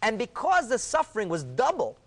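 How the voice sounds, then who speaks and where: A man, a rabbi, explaining a Talmud passage in a discussion, emphatic and animated, acting out the quoted dialogue. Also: high-pitched, brisk.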